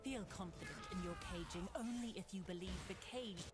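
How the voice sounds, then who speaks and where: An actor voicing a cryptic game character over loud music. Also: medium pitch, brisk, lightly acted. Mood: solemn. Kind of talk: in-game voiced dialogue.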